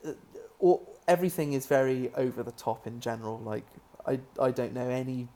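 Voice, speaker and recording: British man, halting and amused. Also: mid-range voice, warm tone, slight background noise. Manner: halting, many restarts, amused. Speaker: filmmaker guest. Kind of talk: casual podcast interview.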